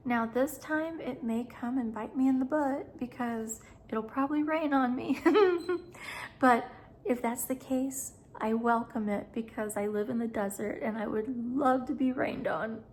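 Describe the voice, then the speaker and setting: A woman's voice: fairly high pitch, a little hiss or hum. A middle-aged woman, chatting emotionally to camera in a vlog, laughing often. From United States. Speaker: travel vlogger.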